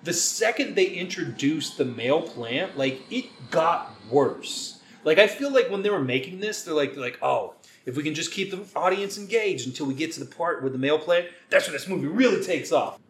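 A man's voice: on the high side, lively intonation, moderate pace, few pauses, slight background noise. A man riffing on a bad movie in casual comedic chat, profane and sarcastic, acting out characters in exaggerated voices. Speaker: podcast co-host. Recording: roomy echo.

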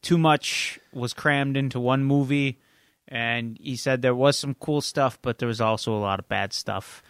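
A man's voice: mid-range voice, measured pace, clean tone, no room sound, clean studio sound. A man co-hosting a podcast, chatty and joking as he gives his opinions. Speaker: podcast co-host. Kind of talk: casual chat.

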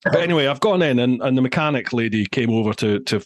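A man with a Scottish accent hosting a casual chat, telling stories in an animated way with lively asides. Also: medium pitch, quick pace, no room sound, studio quality. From Scotland. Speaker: podcast host.

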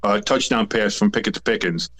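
Rambling, animated male sports podcaster. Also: on the low side, brisk. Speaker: podcast co-host. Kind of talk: casual sports chat.

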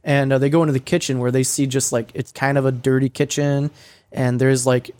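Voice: mid-range voice, flat delivery, a little fast, darkish tone. A podcast co-host retelling a video in a rambling, casual way, full of fillers and swearing. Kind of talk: casual storytelling recap.

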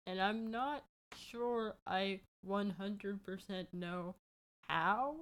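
A woman's voice: mid-range voice, drawn-out words, a bit bright. A young woman co-hosting a podcast, chatting casually in an easygoing way with dry remarks. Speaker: podcast co-host. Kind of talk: casual chat.

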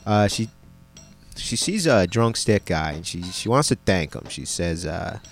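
A man's voice: sits low, lively intonation, unhurried, faint music behind. A man casually recapping a film in a laid-back, slangy and profane way, with lots of fillers.

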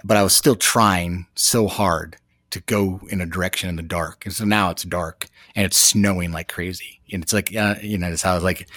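A man guest telling a dramatic personal story in an animated way, with many restarts. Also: sits low, normal speed, dry recording, studio quality. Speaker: podcast guest. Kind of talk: storytelling anecdote.

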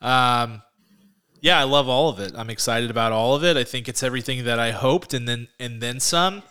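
A man's voice: mid-range voice, moderate pace, bright, forceful tone, clear, resonant tone. A man co-hosting a podcast, eagerly explaining comic-book background in casual chat. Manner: eager, fan-knowledgeable explainer. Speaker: podcast co-host.

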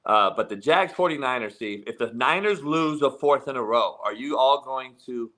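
A man's voice: medium pitch, expressive, moderate pace, fairly bright tone. A man hosting a sports talk show, chatting loosely and throwing leading questions at his guests.

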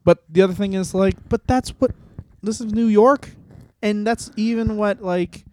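A man co-hosting a podcast, rambling and joking in casual chat, now and then slipping into quick impressions. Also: high-pitched, dark tone. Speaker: podcast co-host.

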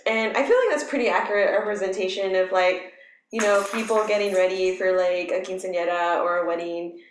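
A woman co-hosting a casual show recap, talking in a relaxed way with many fillers. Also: medium pitch, fairly quick, echoey room, slight background noise. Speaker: podcast co-host.

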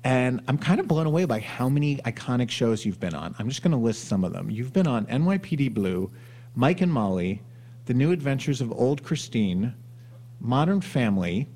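A man's voice: mid-range voice, big pitch swings, normal speed, a little mellow. A man hosting a podcast, asking his guest questions in loose, chatty conversation. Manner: chatty, asks loose questions, laughs along. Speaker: podcast host. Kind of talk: casual interview chat.

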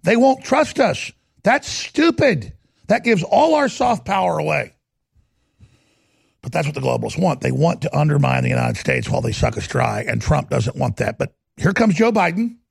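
A man hosting a talk show, ranting heatedly and fast. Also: on the high side, gravelly, slightly rough, no room sound, studio quality. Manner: heated, rapid-fire ranting. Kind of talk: ranting commentary.

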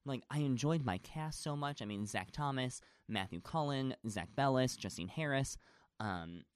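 A man's voice: medium pitch, expressive, normal speed, clean tone, no echo, studio quality. A man in a casual chat, a stage actor talking at length, gushing and rambling with lots of fillers.

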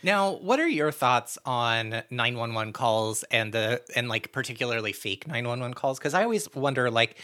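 A man co-hosts a casual true-crime podcast in a bright, clear voice. He talks in a chatty, self-deprecating way. He leans on fillers like "like" and "you know". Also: medium pitch, lively intonation, normal speed, hardly any pauses. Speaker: podcast co-host.

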